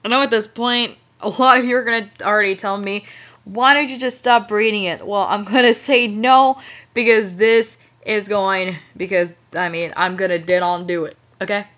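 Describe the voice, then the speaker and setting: A woman's voice: mid-range voice, steady tone, moderate pace, fairly bright tone. A young woman reading a badly written story aloud with incredulous, giggly, exasperated commentary. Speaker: host, fanfiction reader. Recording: muffled lo-fi audio.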